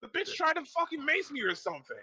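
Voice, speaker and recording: A man doing a rattled young guard who stammers and swears, pitched well up from the man's usual voice and jumping around in tone. The sound is bright and dry. He plays a small part in a tabletop game. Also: very animated, fast talker, no echo, full character voice. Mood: defensive. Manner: profane, stammering. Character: defensive young man guard, cursing and flustered.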